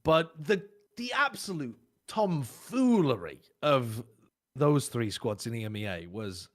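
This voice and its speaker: A man's voice: mid-range voice, very animated, a little slow. A man co-hosting an esports watch party, chatting casually and animatedly, rambling through predictions and swearing now and then. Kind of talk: casual chat.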